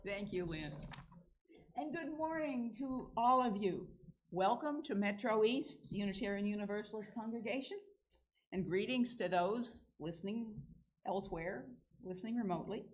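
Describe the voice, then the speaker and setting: A woman's voice: mid-range voice, lively intonation, normal speed, slight background noise, low-quality recording. Older woman leading a church service. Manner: friendly, chatty, lightly informal. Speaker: worship leader. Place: church sanctuary.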